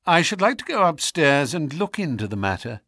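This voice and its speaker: A man voicing a calm, sharp detective. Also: on the high side, husky, no room sound, clean studio sound, voice pushed up, heavily acted. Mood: assured. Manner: measured, precise and assured. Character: calm, sharp male detective, confident and wry.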